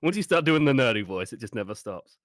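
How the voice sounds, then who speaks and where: A man co-hosting a stream, breaking down plays in a relaxed, analytical way with a wry edge. His voice sits at an ordinary middle pitch. The recording is dry and close. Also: fast talker, dry recording. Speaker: co-streaming guest. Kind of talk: casual game-analysis chat.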